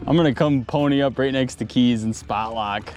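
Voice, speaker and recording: A man's voice: medium pitch, moderate pace, darkish tone, a little hiss or hum. A man fishing from a kayak, talking casually and enthusiastically about the fish. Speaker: angler filming a fishing video. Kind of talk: excited outdoor fishing chatter. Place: on a kayak on a lake outdoors.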